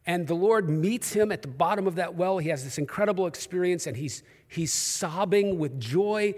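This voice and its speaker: A man's voice: high voice, big-room sound. A man with a New York accent preaching a sermon in a church, with humorous, conversational storytelling. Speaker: pastor. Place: church auditorium.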